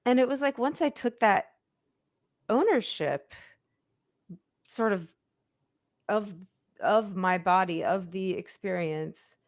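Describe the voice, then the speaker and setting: A woman host speaks slowly and thoughtfully on a podcast. She pauses often and restarts her sentences while she searches for words. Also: mid-range voice. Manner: reflective, halting, with many restarts. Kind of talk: casual interview conversation.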